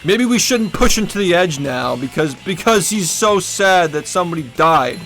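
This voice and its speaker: High-voiced man in an angry rant. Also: animated, moderate pace, hardly any pauses, a bit bright, faint music behind. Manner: angry, profane ranting. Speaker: streamer. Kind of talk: livestream rant.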